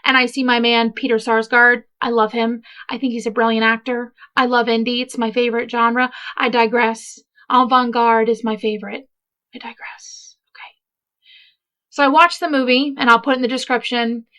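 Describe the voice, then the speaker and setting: A woman's voice: a little high, flat delivery, brisk, few pauses, sharp tone. A woman hosting a casual true-crime commentary, chatty and emphatic, wandering off into asides. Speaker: host.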